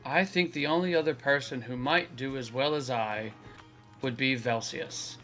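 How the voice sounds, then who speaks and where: A man takes part as a player in a tabletop game, talking in a playful, relaxed way. His voice is bright and forward, with faint music behind. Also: medium pitch, moderate pace. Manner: casual, playful.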